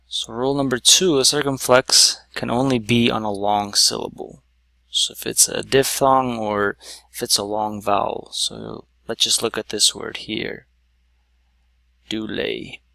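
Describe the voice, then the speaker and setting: A man teaching a whiteboard lesson, explaining slowly step by step with many "so"s. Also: medium pitch, vocal fry, bright, forceful tone, no room sound. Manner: slow, stepwise explaining with many "so"s.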